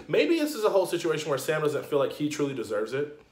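A man giving a casual video review, ranting in an animated, indignant way with slang and lots of fillers. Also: a little high, fast talker, reverberant. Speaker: TV episode reviewer.

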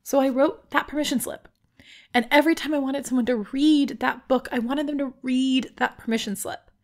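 A woman's voice: high-pitched, steady tone, normal speed. A woman hosting a podcast, talking to listeners in a casual, chatty and informal way. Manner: chatty and informal, with frequent "like" and laughs. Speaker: podcast host.

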